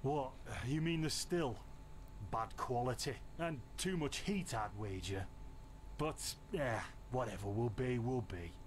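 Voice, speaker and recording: An actor playing a friendly, good-humoured young alchemist who helps a feverish stranger in a video game. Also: male voice, medium pitch, measured pace, close to an everyday voice. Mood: evasive. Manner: good-humoured, helpful, chuckles easily. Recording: game audio over noisy stream.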